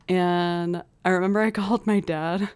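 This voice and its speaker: A woman's voice: lowish voice, steady tone, moderate pace, a little mellow, clear, resonant tone. A woman in her thirties chatting on her live stream as a musician, telling stories with frequent giggles. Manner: chatty storytelling, giggles often. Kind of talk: casual live-stream chat. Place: home desk setup.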